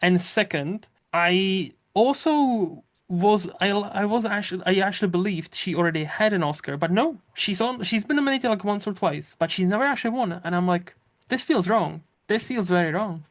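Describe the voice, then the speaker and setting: A man's voice: sits high, moderate pace, hardly any pauses. A man hosting a casual movie podcast, talking in a loose, rambling way with lots of fillers and frequent swearing. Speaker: podcast host.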